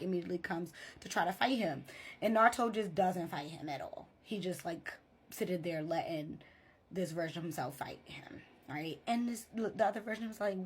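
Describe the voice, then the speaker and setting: A woman's voice: lowish voice, husky. A woman therapist chatting in a casual vlog, retelling a story and often checking in with "right?".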